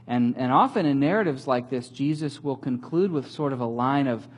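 A man giving a sermon as a pastor, telling the story in a conversational, animated way with light humor. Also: medium pitch, normal speed, breathy edge.

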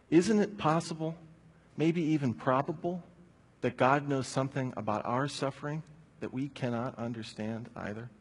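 A man's voice: mid-range voice, slightly rough. A man preaching a sermon, telling a personal story in a conversational way before drawing his point from it. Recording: long hall reverb.

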